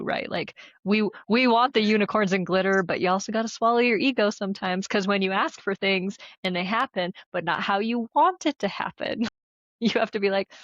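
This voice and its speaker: A woman co-hosting a podcast in casual chat, candid and expressive, swearing freely and acting out little bits of dialogue. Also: medium pitch, no room sound, dull audio. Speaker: podcast co-host. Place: living in Salt Lake City.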